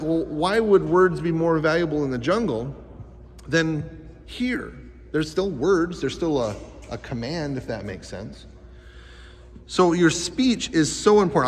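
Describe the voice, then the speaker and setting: A man teaching a life skills class to youths, talking with energy and quizzing the kids with questions. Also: mid-range voice. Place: school gym. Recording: echoey gym hall.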